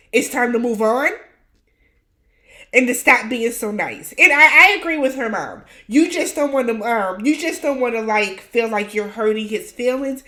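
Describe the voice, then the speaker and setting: Woman host, higher-pitched, casual reality-show recap, opinionated and blunt with slang. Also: fairly bright tone.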